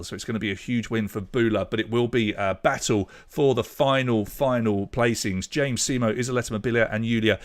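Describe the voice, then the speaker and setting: A young British man hosting an online pub quiz, chatty and loose, reading out scores and names and trailing off when a name escapes him. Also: fairly low pitch. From Britain. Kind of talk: live-streamed quiz hosting.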